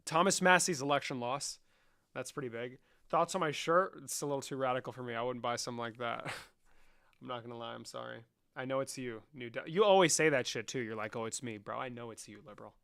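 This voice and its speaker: A man's voice: medium pitch, a little fast, vocal fry, fairly bright tone, clean tone. A young man around twenty, casually chatting on a livestream in a joking, sarcastic way and swearing a lot. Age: young adult.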